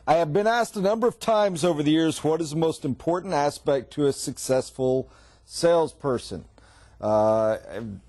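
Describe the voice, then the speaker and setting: A middle-aged man leads a sales training session in a meeting room, his voice mellow and even in pitch. He talks in an emphatic, folksy way, driving points home with repetition and stories. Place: meeting room around a table.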